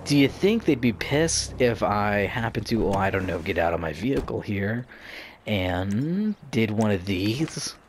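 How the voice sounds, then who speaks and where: A man's voice: lowish voice, lively intonation, moderate pace, hardly any pauses, a little hiss or hum. A young man hosting a gaming channel, giving playful, self-mocking commentary over his gameplay. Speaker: gaming YouTuber.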